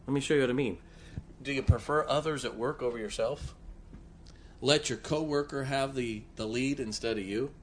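Pastor guy, middle-aged, folksy joking sermon, regular pitch, bit of background hiss. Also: normal speed. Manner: folksy, joking and laughing with the congregation.

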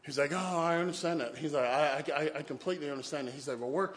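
A man's voice: fairly high pitch, quick pace, echoey room, poor audio. A man preaching a sermon, telling stories and often repeating "boy" and "can I tell you this". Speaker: pastor.

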